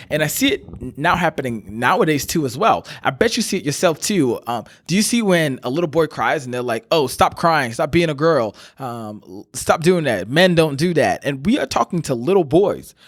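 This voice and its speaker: A life coach hosts his own podcast, speaking earnestly and directly to listeners in a mid-range voice and calling them brother. He uses frequent fillers, and the studio-quality recording has no room sound.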